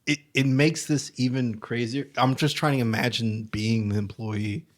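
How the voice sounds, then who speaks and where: A man's voice: medium pitch, steady tone, normal speed. A man hosting a podcast, joking around and asking playful what-if questions in casual chat. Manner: joking, asks playful hypotheticals. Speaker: podcast host.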